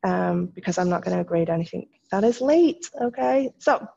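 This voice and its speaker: A woman's voice: fairly low pitch, lively intonation, moderate pace, gravelly, mellow. A woman French teacher giving a recorded lesson, patiently explaining in English with French phrases. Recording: dull lo-fi recording.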